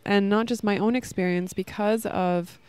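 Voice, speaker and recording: A woman in her thirties, a podcast host, talks casually and earnestly about love and self-worth in a casual spiritual talk, rambling with plenty of fillers. Her mid-range voice is steady, clear, resonant and slightly mellow, at a moderate pace. She's recorded outdoors in a park with children playing nearby.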